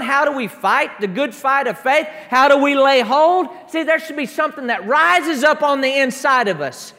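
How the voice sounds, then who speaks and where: A man preaching a sermon, emphatic, stacking repeated declarations that build up to shouts during a church service. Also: very high voice, lively intonation, moderate pace, hardly any pauses. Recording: long reverb of a large hall.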